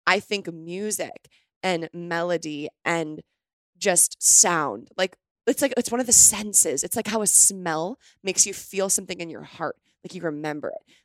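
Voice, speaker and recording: A woman's voice: fairly low pitch, no room sound, clean studio sound. A young woman co-hosting a casual podcast, talking in a gushing, rambling way and filling her speech with "like.". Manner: gushing, rambling, heavy use of "like". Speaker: podcast co-host.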